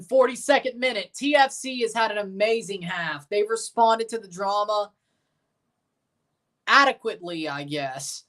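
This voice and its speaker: A man's voice: high-pitched, measured pace, bright, forceful tone. A man hosting a livestream watchalong, chatting casually, reading viewers' comments aloud and reacting to a soccer match with sarcastic asides.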